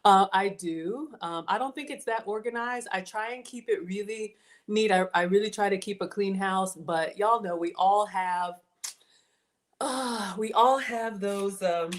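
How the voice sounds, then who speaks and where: A woman hosting a casual cooking livestream from her home kitchen, chatting and answering viewer comments as she works. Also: mid-range voice. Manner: chatty, reads viewer comments aloud, folksy.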